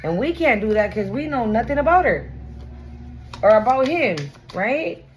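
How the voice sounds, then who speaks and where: A woman's voice: on the high side, lively intonation, moderate pace, slight background noise, low-quality recording. A woman giving a casual tarot reading to her viewers, chatty and blunt, swearing freely and talking in slang. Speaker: tarot reader.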